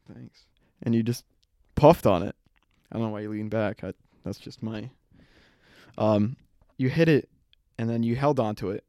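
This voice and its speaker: A man's voice: medium pitch, darkish tone, dry recording, clean studio sound. A young man co-hosting a podcast who tells a story in a casual, rambling way. He acts out the quotes and laughs often. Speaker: podcast co-host.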